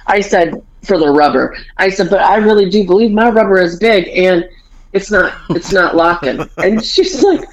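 Hosting a casual podcast, a woman with a medium-pitched voice tells a story at a moderate pace, full of bawdy humor, playing both sides of a conversation. The audio is dull and lo-fi.

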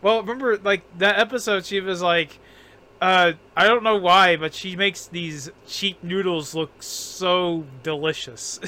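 A man's voice: high-pitched, steady tone, measured pace, sharp tone. A man co-hosting a casual podcast, rambling with lots of fillers, restarts and frequent laughter. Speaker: podcast co-host.

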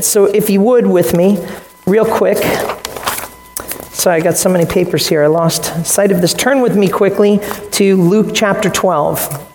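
Man, pastor mid-sermon; animated, quips to the room, voices his examples; echoey hall with a long tail. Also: high voice, a little hiss or hum. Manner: animated, joking asides, acts out quoted voices. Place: church sanctuary with congregation.

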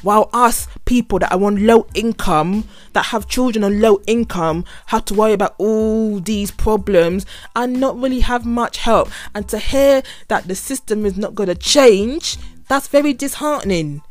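A woman's voice: mid-range voice, moderate pace, dry recording. Lady ranting on her podcast, exasperated and sarcastic, keeps repeating herself, dry sound. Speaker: podcast host. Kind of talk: casual venting monologue.

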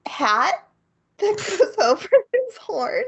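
A woman's voice: very high voice, big pitch swings, slow, a bit bright. A woman co-hosting a casual anime podcast, recapping the plot with giggles and frequent ums. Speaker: podcast co-host. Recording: slightly dull lo-fi recording.

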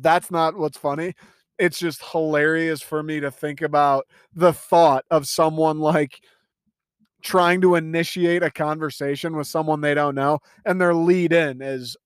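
A man's voice: on the high side, measured pace, smooth, dry recording. A young man hosting a casual solo podcast, ranting in a profane, incredulous, rambling way and laughing often. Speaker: podcast host.

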